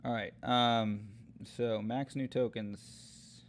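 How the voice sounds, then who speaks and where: A man's voice: medium pitch, fairly even intonation, slow pace, slight background noise. A man streaming as he tests AI story tools, chatting casually and thinking aloud with many fillers and restarts. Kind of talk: casual chat.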